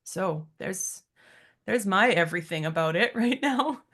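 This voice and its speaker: A woman's voice: medium pitch, expressive, measured pace, a bit bright. A woman in her thirties co-hosting a podcast, speaking reflectively and from the heart, with frequent ums. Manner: reflective, heartfelt, many fillers. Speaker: podcast co-host. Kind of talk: casual podcast chat.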